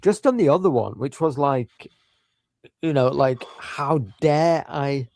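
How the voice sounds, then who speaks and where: A man's voice: on the high side, a little slow, vocal fry, darkish tone. A young English man making an earnest, sarcastic argument in a debate. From England. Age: young adult. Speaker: commentator in a played clip.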